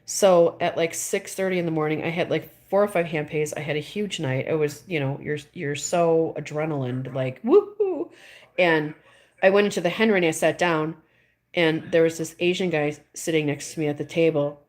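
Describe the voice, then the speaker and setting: A middle-aged woman streamer chats casually with viewers, telling a rambling story full of restarts and laughing between phrases. Her voice is low-pitched and a little mellow, at a moderate pace.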